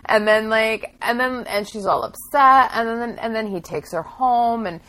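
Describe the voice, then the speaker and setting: A woman's voice: fairly high pitch, a bit bright, low-quality recording. A woman casually recapping a TV drama on a podcast, chatty and full of fillers. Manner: chatty, filler-heavy, quick retelling with acted quotes. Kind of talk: casual chat.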